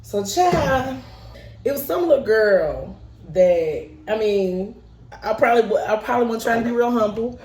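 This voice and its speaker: Brief: woman around forty, animated storyteller, roomy room sound with the mic set back. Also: a little high, moderate pace, recorded from a distance. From Chicago, South Side. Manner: playful, lively, acts out voices and laughs often. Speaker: show creator telling a childhood story. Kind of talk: personal storytelling to camera.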